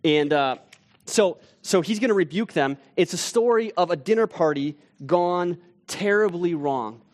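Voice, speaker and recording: A man on a church teaching team, telling a vivid story in a casual sermon with restarts and asides, sinking to a hush at tense moments. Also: high voice, expressive, unhurried.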